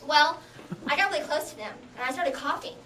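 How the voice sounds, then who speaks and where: A young woman giving a humorous contest speech, telling stories in an animated way and laughing often. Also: sits high, brisk. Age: young adult. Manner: animated storytelling with bursts of laughter. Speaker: contest speaker. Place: hall with audience. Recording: echoey hall from far off, noisy.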